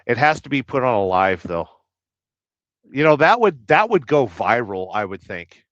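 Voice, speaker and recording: A man hosting a livestream, chatting casually and reading viewer comments with rambling, deadpan jokes. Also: medium pitch, moderate pace, dry recording. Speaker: livestream host. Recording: dull lo-fi dry sound.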